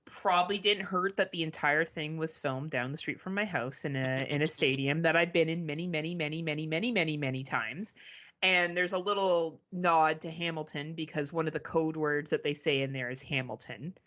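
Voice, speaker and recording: Canadian woman cohosting a movie podcast, lowish voice but really bright, blunt and swears a lot. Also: a little fast. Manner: frank, profane, laughs often. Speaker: podcast co-host. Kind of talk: casual chat.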